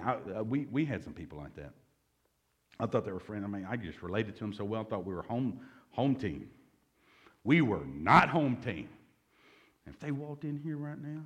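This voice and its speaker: A man preaches a sermon as pastor. His pitch swings widely, and his tone is casual and joking as he asks the congregation for responses. He sits in the middle range for a man's voice. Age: 40s. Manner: conversational, joking, calls for audience response.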